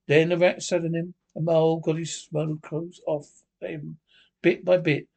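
A man's voice: a little high, vocal fry, a little mellow. A man narrating a storybook aloud in an unpolished reading with slips and restarts.

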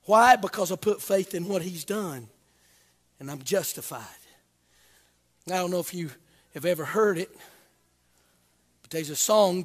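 A Baptist preacher, delivering a sermon that swings between hushed talk and shouted, chanting preaching. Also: male voice, high voice, big-room sound.

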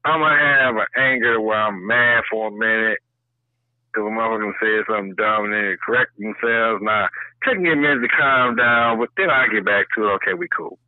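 A man's voice: on the low side, a little fast, no room sound. A man co-hosting a casual chat, talking animatedly and profanely, with a lot of emphasis. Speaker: co-host. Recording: tinny phone-like line, dry.

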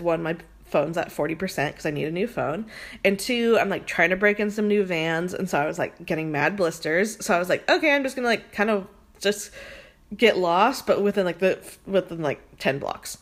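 Casting note: young woman, casual podcast host, rapid filler-heavy chat, swears freely. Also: on the low side, lively intonation. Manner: fast, chatty, says "like" a lot, swears freely.

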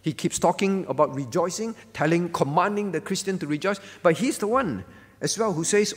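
A high-pitched, slightly rough male voice speaks at normal speed in a large hall. It belongs to a pastor giving a conversational prayer-meeting sermon in a church hall, often asking his congregation "all right?".

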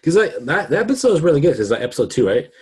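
Chatty man, quick to get excited. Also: a little high, breathy edge. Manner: excitable, chatty, with many "like" fillers. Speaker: podcast co-host. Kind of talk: casual chat.

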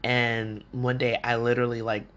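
A podcast host with a medium-pitched, fairly bright voice talks through advice at a moderate pace with flat delivery. He's candid and chatty, often acting out the things people said to him in this casual advice talk.

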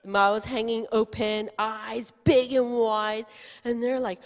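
Woman, pastor, children's sermon, lively storytelling, quizzes the kids, long church reverb. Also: a little high, takes it slowly. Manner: animated storytelling, asking the children questions. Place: church sanctuary.

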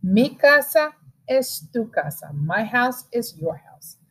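A woman reading the lines of a kindly father welcoming a guest, slow and deliberate. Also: a little high, sing-song, fairly bright tone, breathy edge, heavily acted, rough recording.

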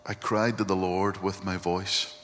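A low, unhurried man's voice delivers an earnest sermon, weaving in scripture as he reflects. His words ring out with a long reverb, as if from a large church hall. A faint hum sits underneath. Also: little pitch movement, fairly bright tone. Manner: earnest, reflective preaching, often quoting scripture. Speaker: pastor.

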